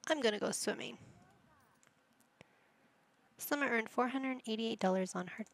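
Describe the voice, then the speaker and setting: A woman's voice: fairly high pitch, normal speed, gravelly. A woman hosting a casual let's-play, chatting to the game characters as she plays. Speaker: gaming channel host.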